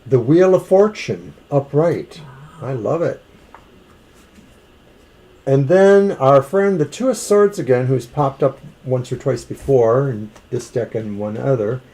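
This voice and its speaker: A man co-hosting a tarot reading in a relaxed, casual way. His tone is mellow and dark. He wanders through his thoughts and hedges often. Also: medium pitch, takes it slowly, low-quality recording. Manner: rambling, hedging with maybes. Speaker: tarot reader co-host.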